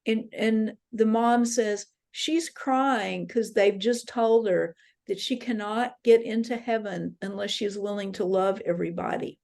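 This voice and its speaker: Brief: woman teaching a dream workshop, gravelly voice, earnest storyteller. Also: mid-range voice, fairly even intonation, measured pace, darkish tone. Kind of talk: teaching talk with retold dreams. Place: interfaith center workshop.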